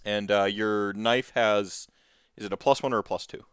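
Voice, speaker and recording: A man's voice: fairly low pitch, fairly even intonation, moderate pace, a bit bright, clean tone, dry recording, studio quality. A man narrating as storyteller of a tabletop game, rambling with many fillers and restarts.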